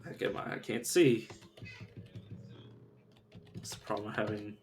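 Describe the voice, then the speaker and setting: A man's voice: lowish voice, animated, unhurried, vocal fry. Man muttering through a game stream. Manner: muttering and thinking aloud while playing. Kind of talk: casual live gameplay commentary.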